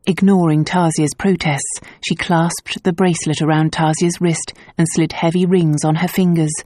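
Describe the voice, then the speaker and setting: Audiobook narrator, woman, mellow lowish voice, measured even read. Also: dry recording, studio quality. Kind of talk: scripted narration.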